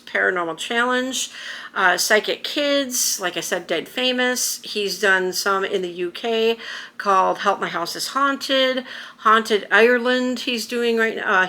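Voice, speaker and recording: Woman, middle-aged, vlogger, personal story, emotional, rambling, bright tone. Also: medium pitch. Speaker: YouTuber.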